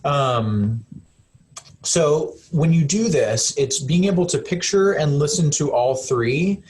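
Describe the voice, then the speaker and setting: Gentle, conversational male counselor. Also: on the high side, lively intonation, slow pace. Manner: gentle, conversational, many fillers and restarts. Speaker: counselor presenting a webinar. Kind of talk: live webinar presentation.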